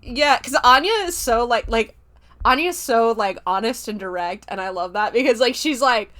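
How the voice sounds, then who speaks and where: A woman's voice: on the high side, normal speed, a bit bright. A woman chatting on a podcast, using lots of "like" and casual swearing. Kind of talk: casual TV discussion chat.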